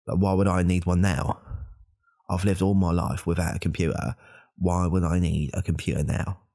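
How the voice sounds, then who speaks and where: A man's voice: flat delivery, normal speed, warm tone. A man, voicing a self-important, insecure male podcaster in a whispered role-play who rambles and corrects himself. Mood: rambling. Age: 30s. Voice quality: gravelly, husky low voice. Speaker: podcast host.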